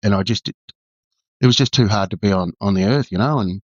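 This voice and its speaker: A low-pitched Australian man tells his story candidly, stumbling through restarts and fillers. His voice sits dry and close. The recording is dull and lo-fi. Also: darkish tone, slightly rough, no echo. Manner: halting, full of "you know" and restarts. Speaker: guest, former undercover detective.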